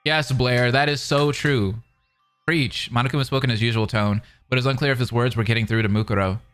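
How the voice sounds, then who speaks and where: A man's voice: mid-range voice, fairly even intonation, a little fast, a bit bright, clean tone, faint music behind. A young man streaming, reading a novel aloud between rambling, filler-heavy casual chat with viewers. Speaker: streamer reacting to a fan dub.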